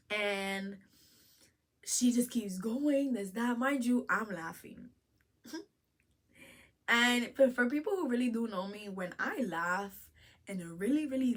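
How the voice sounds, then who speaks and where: A young woman vlogger telling a storytime with slang and profanity, laughing often, jumping from loud outbursts to hushed asides. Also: a little high. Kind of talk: storytime vlog.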